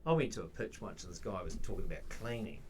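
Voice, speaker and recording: A man's voice: sits low, fast, a little hiss or hum. A man on a podcast, casually telling work stories and acting out both sides of the conversations. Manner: animated storyteller, acts out both sides of conversations. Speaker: podcast guest, facility manager.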